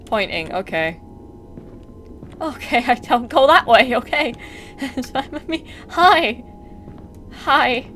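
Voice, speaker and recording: A woman's voice: high-pitched, big pitch swings, slow pace, long pauses, fairly bright tone, slight background noise. A woman commenting on a horror game as she plays, chatty and sarcastic, talking back to the mannequins and jumping at scares. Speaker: gameplay streamer.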